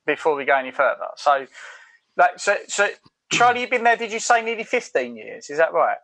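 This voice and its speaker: A man's voice: a little high, big pitch swings, a little fast, pushed and bright, rough recording. A man co-hosting a casual podcast, chatty and swearing, often repeating words as he starts sentences. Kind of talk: casual chat.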